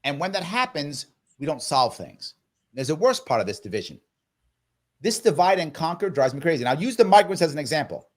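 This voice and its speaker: Man, interview guest, persuasive, emphatic, very animated delivery. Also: on the high side, a little fast. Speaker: political guest. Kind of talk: interview conversation.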